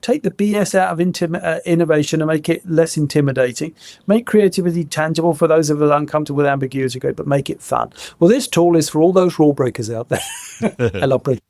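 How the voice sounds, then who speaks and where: A middle-aged man tells stories with real energy, laughing along and slipping into the people he quotes. His voice sits a little high with a gravelly fry, recorded dry and close. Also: fast talker, no echo. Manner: lively, laughs often, acts out quotes. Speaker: guest, former innovation head. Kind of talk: animated anecdotal storytelling.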